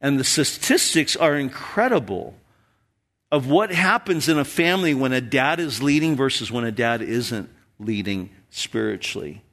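A pastor in his fifties preaches with earnest conviction. His voice sits at an ordinary middle pitch for a man. He pushes hard on key phrases, then drops almost to a whisper. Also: lively intonation, normal speed. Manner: earnest, swings between loud emphasis and near-whispers. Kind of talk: sermon.

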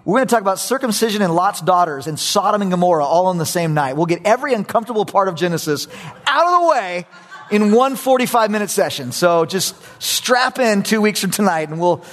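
A man preaching a sermon as a pastor, animated and acting out prayers with frequent chuckles. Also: high-pitched, brisk, big-room sound.

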